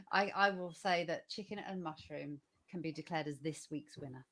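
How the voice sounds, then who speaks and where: A woman's voice: low-pitched, normal speed, a bit bright. A woman co-hosting a casual online show, playful and mock-ceremonious, who also reads a poem aloud. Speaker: co-host and poem reader. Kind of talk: casual chat and poem reading.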